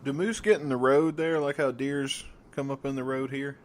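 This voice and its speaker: A man's voice: medium pitch, fairly even intonation, normal speed. A man from the southern United States co-hosting a podcast, chatting loosely, laughing often and tripping over repeated words. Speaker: podcast co-host. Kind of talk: casual chat.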